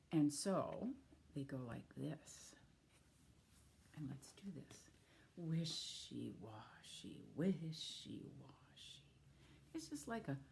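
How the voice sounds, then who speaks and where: A children's storyteller with a low, mellow voice and some vocal fry reads picture books to young kids, inviting them to join in with actions and sound effects. There's a slight hiss or hum in the recording.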